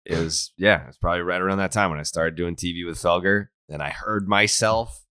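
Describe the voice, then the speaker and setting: Deep voiced guy in his 30s from the north shore, self-mocking podcast host, dry close sound. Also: brisk, bright, forceful tone, dry recording. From North Shore of Massachusetts. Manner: self-mocking, frequently clears throat. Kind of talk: casual podcast chat.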